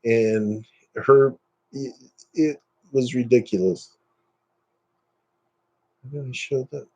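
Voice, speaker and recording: A man speaks slowly, with a slightly mellow voice and fairly even intonation, as he chats with his live stream viewers. His dismissive rants send his pitch jumping up whenever he gets heated.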